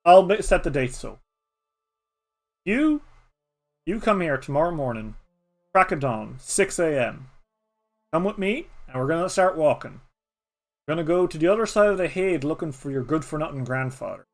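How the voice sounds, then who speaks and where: A man with an Irish accent voicing a grumpy, stubborn old male postal badger who talks bluntly and loudly. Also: on the high side, expressive, normal speed, long pauses. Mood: brusque.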